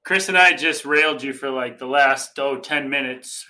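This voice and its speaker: A man's voice: mid-range voice, moderate pace, loud music behind the voice. A man co-hosting a running podcast, joking and teasing in casual chat. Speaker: podcast co-host.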